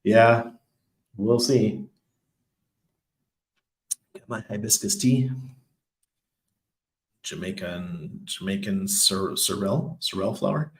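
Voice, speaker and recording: A man's voice: lowish voice, slow, long pauses. A man hosting a casual crypto livestream, reading viewer comments and answering in a loose, chatty way with lots of ums and laughs. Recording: echoey room.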